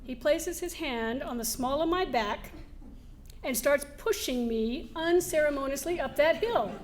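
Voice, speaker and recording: A woman giving a keynote speech to a live audience, telling lively personal stories, laughing now and then and acting out the scenes. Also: high-pitched, unhurried. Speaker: motivational speaker. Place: event hall before a live audience.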